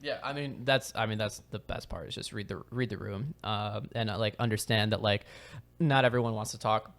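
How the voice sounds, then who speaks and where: A man's voice: on the low side, brisk. A young man chatting on a podcast, telling rideshare stories with lots of laughter and acted-out quotes. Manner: animated storyteller, laughs often, acts out quotes. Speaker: podcast guest. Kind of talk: casual podcast chat.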